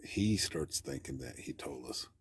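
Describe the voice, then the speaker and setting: A man's voice: a bass voice, animated, measured pace, slightly rough, no echo. A man calling in to tell a story, talking in a plainspoken, rambling way with folksy grammar. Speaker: caller. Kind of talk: casual storytelling.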